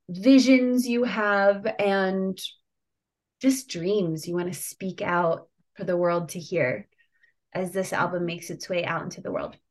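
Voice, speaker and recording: A woman hosting a podcast, chatting warmly and emotionally with a friend, laughing often and speaking softly at tender moments. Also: medium pitch. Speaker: podcast host. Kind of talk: casual heartfelt chat.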